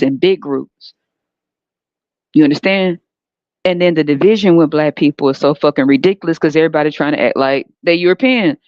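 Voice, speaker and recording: A woman's voice: deep voice, a little mellow. Brief: American woman podcaster, blunt and emphatic, swears freely, muffled lo-fi sound with no room echo. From United States. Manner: profane, emphatic ranting with frequent rhetorical questions. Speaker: podcast host. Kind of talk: unscripted monologue. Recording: dull, dry lo-fi recording.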